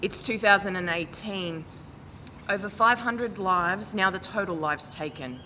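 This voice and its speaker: Slow, grave woman reciting poetry. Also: medium pitch, pushed and bright. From Australia. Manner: measured, grave delivery rising to impassioned calls. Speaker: spoken word poet. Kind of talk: spoken word poetry. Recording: noisy recording with traffic ambience.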